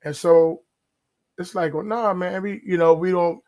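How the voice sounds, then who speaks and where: A man holds forth on a podcast in a voice pitched a touch higher than most men. He talks loosely and conversationally, slowing down to drag out key words and slipping into quick acted-out asides. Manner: animated, drawn-out emphasis and acted-out asides. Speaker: podcast host. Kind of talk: casual religious commentary.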